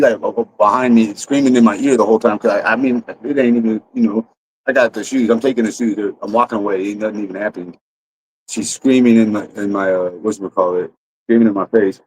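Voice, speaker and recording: Husky man rambling through a profane story. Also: lowish voice, a little mellow, no echo, rough recording. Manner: rambling, profane, full of restarts. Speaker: streamer. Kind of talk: casual storytelling on a livestream.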